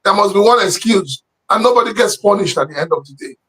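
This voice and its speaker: A man's voice: sits high, expressive, fast, a bit bright, slightly rough, rough recording. A man with a Nigerian accent commenting on current affairs in casual talk, hesitant, with many fillers and restarts.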